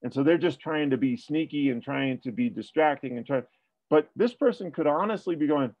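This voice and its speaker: A man's voice: fairly high pitch, fairly quick, dry recording, muffled recording. A man working as a police tactics trainer, talking through a debrief and asking rhetorical questions. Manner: explanatory, asks rhetorical questions.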